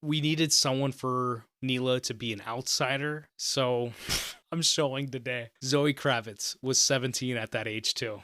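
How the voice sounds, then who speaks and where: A male podcast host from the American South talks through films in a loose, rambling way. His voice sits at an everyday middle pitch. The sound is close and dry. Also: steady tone, measured pace, sharp tone, no echo. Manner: rambling, many fillers, thinking aloud. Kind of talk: casual film discussion.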